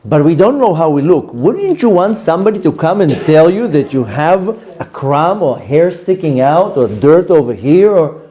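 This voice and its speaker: Animated rabbi, mellow voice. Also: male voice, on the high side, normal speed. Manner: animated, acts out his own reactions in quotes. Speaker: rabbi teaching a class. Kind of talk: storytelling Torah class. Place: classroom.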